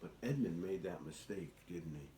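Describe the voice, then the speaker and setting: A man telling a story to a child, gentle and coaxing, asking the listener questions as he goes. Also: low-pitched, lively intonation, normal speed. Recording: roomy echoing recording, faint noise.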